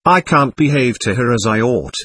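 A man reading an irritable, contemptuous young man in a storybook, with a husky, lively voice. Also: mid-range voice, moderate pace, no echo. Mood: bitter.

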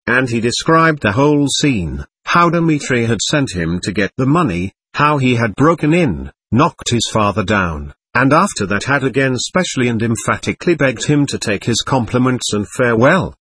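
Expressive male narrator, husky and dry. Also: medium pitch, normal speed, hardly any pauses. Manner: reads dialogue with lively, shifting expression. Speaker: audiobook narrator. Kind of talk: scripted narration of a classic novel.

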